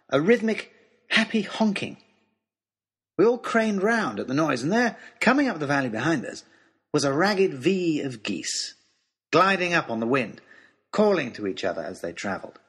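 A man narrating an adventure story in an expressive, dramatic reading style. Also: fairly high pitch, breathy edge.

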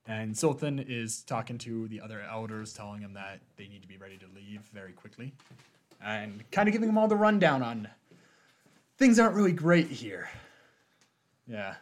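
A man narrating as game master of a tabletop game in a relaxed way, with lots of fillers. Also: lowish voice, normal speed. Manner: relaxed, filler-heavy storytelling.

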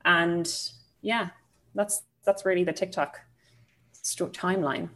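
A woman's voice: lowish voice, steady tone, slow, a bit bright. A young woman in her twenties with an Irish accent, chatting casually as a podcast guest, self-deprecating and full of fillers. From Ireland. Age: 20s.

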